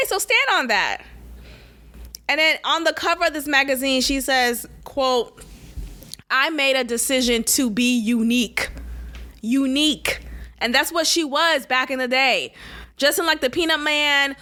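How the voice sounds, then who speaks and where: Woman podcast host, opinionated, sassy and blunt; bright, forceful delivery, pitched a touch high. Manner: mocking quoted voices. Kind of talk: opinionated commentary.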